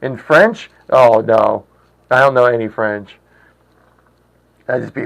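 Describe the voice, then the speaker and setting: A man's voice: mid-range voice, drawn-out words, creaky, pauses often, fairly bright tone, low-quality recording. A man in his thirties hosting a casual livestream, chatting with viewers, laughing often and stumbling through foreign words. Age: 30s. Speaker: livestream host.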